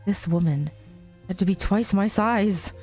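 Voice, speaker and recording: A woman's voice: mid-range voice, unhurried, darkish tone, soft background music. A young woman playing a story game, reading its text aloud with chatty, giggly asides. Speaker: let's play host.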